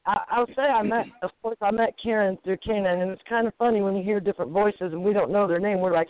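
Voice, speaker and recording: A caller from southern Florida who chats warmly and greets everyone on the show. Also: medium pitch, fairly even intonation, fast, hardly any pauses. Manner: warm and chatty, greets everyone. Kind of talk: casual phone call. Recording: tinny phone line.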